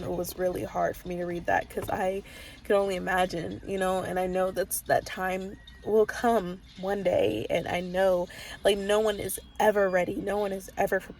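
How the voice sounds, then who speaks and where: A woman's voice: mid-range voice, gravelly, a little mellow. A woman chatting casually in a book vlog, rambling with lots of fillers and restarts, openly emotional. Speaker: book vlogger. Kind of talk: casual reading vlog chat. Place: parked car.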